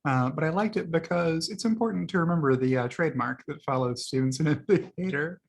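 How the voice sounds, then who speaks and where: A man's voice: on the high side, fairly quick. A man hosting his own video, casually talking through tweets he liked, rambling with many fillers and laughing at his own jokes. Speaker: video host.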